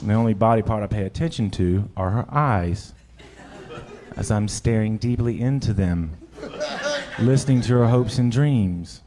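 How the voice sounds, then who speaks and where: A man's voice: fairly low pitch, measured pace. Crude, self-mocking male stand-up comic. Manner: crude, self-deprecating confessional jokes; works the crowd with direct questions. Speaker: stand-up comedian. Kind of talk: stand-up comedy set. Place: comedy club stage before a laughing audience.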